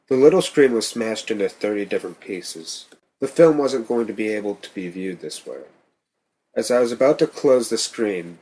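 A man reading a first-person horror story in a tense, steady manner. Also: fairly low pitch, slightly rough. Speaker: narrator.

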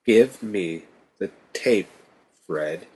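A man's voice: low voice, animated, very slow, darkish tone, breathy edge, full character voice. A man voicing a psychopathic teenage boy in a spoken horror story, mocking and menacing. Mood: calm menace. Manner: maniacal laughter, cold menace.

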